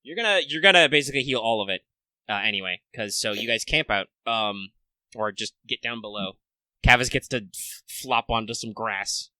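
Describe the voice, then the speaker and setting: A man's voice: mid-range voice, animated, brisk, pushed and bright, no echo. A man running a tabletop game as game master, rambling with many fillers and restarts.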